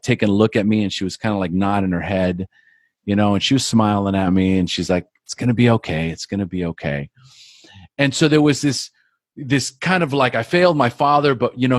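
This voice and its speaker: A man's voice: mid-range voice, no room sound. Guy telling his own story on a podcast, earnest, repeats himself, dry close mic. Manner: earnest, repeats words while building a story. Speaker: podcast guest, life coach. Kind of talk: personal storytelling.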